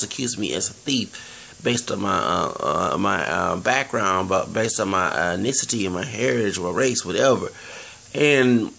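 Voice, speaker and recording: Very gravelly Texan man rambling. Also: medium pitch, fairly bright tone. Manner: earnest, digressive, many restarts and fillers. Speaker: vlogger. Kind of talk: rambling monologue to camera.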